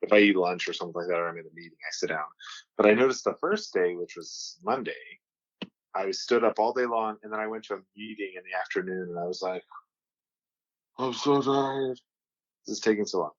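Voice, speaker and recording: A man's voice: sits low, fast talker, dry recording, muffled recording. A man hosting a podcast in casual chat, rambling with lots of "like" and "uh". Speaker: podcast host.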